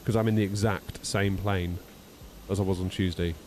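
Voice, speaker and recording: A man's voice: deep voice, steady tone, normal speed, darkish tone, a little hiss or hum. A man in his thirties, chatting casually on a live stream while running through flight checklists, self-deprecating and talkative. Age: 30s.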